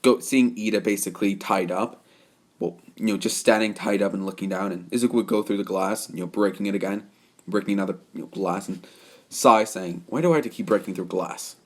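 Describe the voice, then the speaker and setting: A man's voice: fairly low pitch, fairly even intonation, a little fast. A young man narrating a fan story off the cuff, rambling with many fillers and self-corrections.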